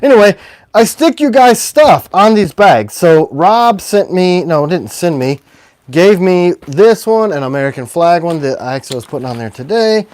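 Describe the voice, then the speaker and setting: Animated man chatting on a livestream. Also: high voice, moderate pace, no echo. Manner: rambling, animated, self-deprecating. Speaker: knife maker and livestream host. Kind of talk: casual livestream chat.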